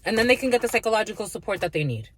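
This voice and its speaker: A woman's voice: medium pitch, animated, rapid-fire, a bit bright, a little hiss or hum. A woman giving a casual spiritual reading, blunt and profane, laughing often and calling listeners her lovies. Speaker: spiritual reader.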